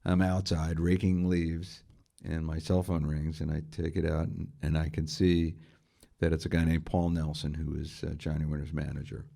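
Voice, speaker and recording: Deep, gravelly middle-aged man telling stories. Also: flat delivery, moderate pace, dark tone. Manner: enthusiastic anecdotes, full of rhetorical questions. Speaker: interview guest, guitarist and music writer. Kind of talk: storytelling in a conversational interview.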